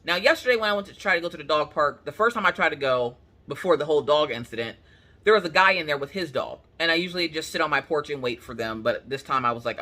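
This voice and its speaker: A woman crafting-channel host from Pennsylvania, telling a story in casual chat, animated and colloquial, acting out what people said. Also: deep voice, fast talker. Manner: animated, colloquial, acts out quotes.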